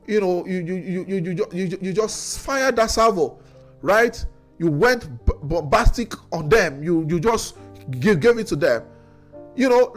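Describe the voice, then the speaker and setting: A Nigerian man with a Nigerian English accent giving an opinion monologue, grilling an official with rhetorical questions and stumbling over repeated words. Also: high-pitched. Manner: critical, addressing an official directly with rhetorical questions; repeats words when worked up. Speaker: commentator.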